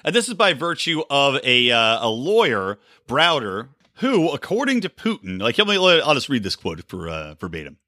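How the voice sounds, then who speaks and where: A man's voice: medium pitch, huge pitch swings, normal speed, hardly any pauses, sharp tone, no echo, clean studio sound. A man hosting a podcast, ranting sarcastically about politics and swearing freely, short on sleep. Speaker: podcast host. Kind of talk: solo political commentary.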